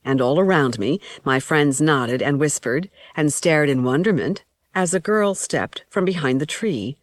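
A woman narrating an audiobook in the first person with an even storytelling delivery, on a close mic. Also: low voice, unhurried, dry recording.

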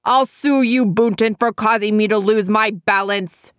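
A woman voicing a nervous male innkeeper who stammers, wails and shouts in panic. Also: mid-range voice, unhurried, no room sound, studio quality, voice pushed up, lightly acted. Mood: indignant. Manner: stammering and wailing.

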